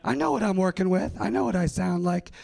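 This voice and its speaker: A man doing a stand-up set on a festival stage, with a raspy, gravelly voice and a dry, self-deprecating delivery. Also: high voice, brisk, a little mellow. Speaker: stand-up comedian.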